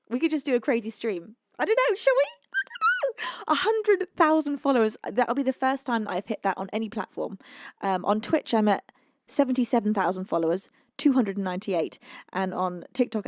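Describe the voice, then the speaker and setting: A British woman hosting her own music livestream, chatting casually and excitedly to viewers with many fillers and restarts. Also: medium pitch, no echo, studio quality. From United Kingdom. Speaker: singer and livestream host.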